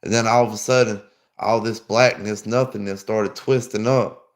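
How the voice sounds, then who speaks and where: A man's voice: fairly low pitch, fairly even intonation, moderate pace. A man telling a long, rambling story in casual chat, full of slang and swearing. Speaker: podcast host.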